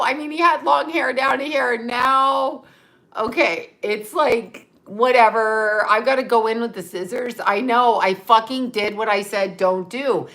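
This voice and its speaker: A woman's voice: on the high side, pushed and bright. Chatty, profane woman on a livestream. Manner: chatty, profane, reads viewer comments aloud; laughs often while talking. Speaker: livestream host. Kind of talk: casual livestream chat.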